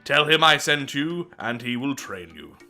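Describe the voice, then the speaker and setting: A vain strongman in a game who lectures in a pompous, formal tone and an odd put-on foreign accent, as a man voices him. His pitch rises and falls a lot, and he sounds bright and forceful. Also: lively intonation, measured pace, soft background music. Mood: lecturing. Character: vain muscle-proud male strongman.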